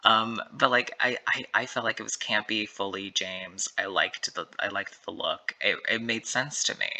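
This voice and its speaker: A man's voice: on the low side, fairly even intonation, normal speed, pushed and bright. A man giving a casual solo recap of runway looks, rambling, correcting himself often, and filling gaps with "like" and "you know". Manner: rambling, self-correcting, lots of fillers. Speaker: drag race recap commentator.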